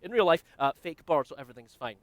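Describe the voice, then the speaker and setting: A Scottish magician with a Glasgow accent delivers jokey, self-deprecating comic patter on a livestream from a home video call setup. His voice is a little high, expressive, and quick, with no echo.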